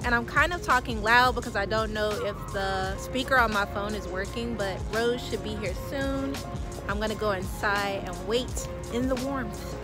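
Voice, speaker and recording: A woman's voice: mid-range voice, moderate pace. A woman talking casually to her phone camera, narrating her day as a vlogger. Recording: music playing behind.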